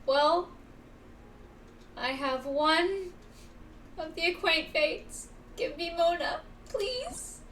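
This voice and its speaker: A woman's voice: very high voice, extremely slow, long pauses, fairly bright tone, distant mic, slight background noise. A woman live-streaming a game, talking dramatically to her viewers, pleading and wailing over her luck. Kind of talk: casual live-stream chatter while gaming.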